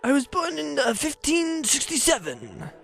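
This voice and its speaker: A man's voice: very high voice, huge pitch swings, gravelly, a bit bright, faint music behind, pitched above the performer's own voice, full character voice. A man voicing a haughty, touchy male saint with a put-on French accent. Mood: huffy. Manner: slow, clipped and huffy.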